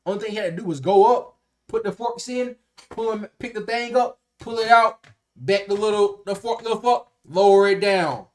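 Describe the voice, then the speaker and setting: A young man casually telling a workplace story to camera, animated and slangy, acting out the people in it. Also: high-pitched, normal speed. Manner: animated, slangy and profane, acts out quotes.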